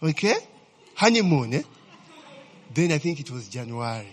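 A male pastor gives an animated sermon in a church hall, calling out questions, having the congregation fill in words, and tagging lines with frequent "eh?"s. His voice is a little high at normal speed, with the hall's long reverb and a little hiss or hum.

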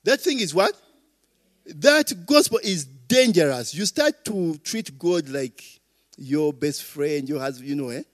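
A man preaching a sermon, quizzing listeners with call-and-response questions and swinging between loud and soft. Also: fairly high pitch, lively intonation, measured pace. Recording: long reverb of a hall.

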